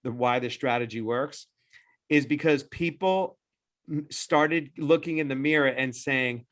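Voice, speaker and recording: A man presenting as a dental practice-growth consultant in a webinar, pitching persuasively in quick bursts with frequent restarts. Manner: persuasive, animated sales-style pitching.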